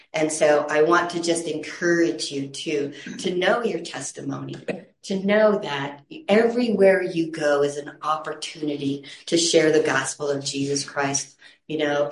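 A middle-aged woman telling a story with lots of laughter and acted-out voices, then turning it into an encouragement of faith. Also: deep voice. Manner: animated, laughs often, acts out quoted voices. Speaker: storyteller sharing a testimony. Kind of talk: casual storytelling with a Christian message. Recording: echoey room.

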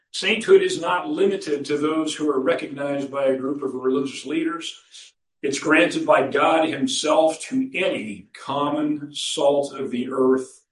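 A man preaching a sermon as pastor, folksy and storytelling, who chuckles at his own anecdotes. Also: medium pitch. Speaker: pastor and counselor. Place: church sanctuary. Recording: roomy church recording from a distance.

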